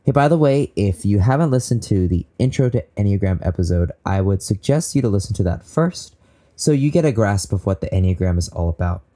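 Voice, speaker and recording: A young man from Southern California hosts a faith podcast in a lowish, mellow voice. He talks in an eager, upbeat way and laughs often. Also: lively intonation, brisk. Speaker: podcast host. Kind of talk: casual faith podcast talk.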